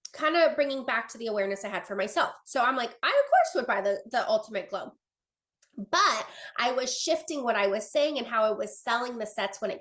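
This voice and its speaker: A woman's voice: fairly high pitch, a bit bright. Chatty woman leading a sales training. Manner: chatty, earnest, many fillers and restarts, reads from notes. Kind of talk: casual training talk.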